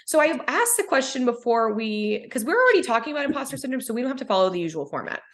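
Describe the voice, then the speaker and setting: A woman hosting a podcast from a video call, her voice moving lively up and down. She talks in a loose, rambling way, full of ums and uhs. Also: on the high side, quick pace. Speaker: podcast host. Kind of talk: casual chat.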